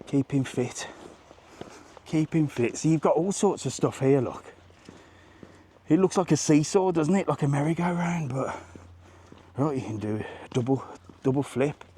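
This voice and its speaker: Walking along an outdoor seaside promenade, a man in his forties hosts a casual live travel vlog, chatting in a rambling, jokey way. His voice is on the high side, dark and husky, at normal speed with frequent pauses.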